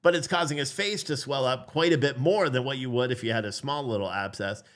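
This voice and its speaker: A man who is a father, telling a story in a casual, animated way, blunt and swearing, acting out the voices in it. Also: medium pitch, a little fast. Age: adult father. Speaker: vlogger.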